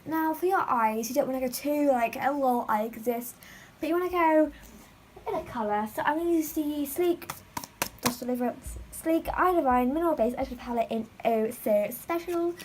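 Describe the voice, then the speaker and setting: A woman's voice: high voice, a little hiss or hum, rough recording. A teenage girl chatting through a makeup tutorial at home, rambling and filling her talk with "like.". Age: teens. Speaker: beauty vlogger.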